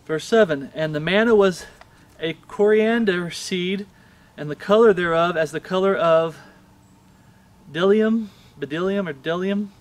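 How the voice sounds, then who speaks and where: A man's voice: high-pitched, unhurried. A male pastor preaching a sermon with passion, reading scripture aloud and pressing the listeners with rhetorical questions.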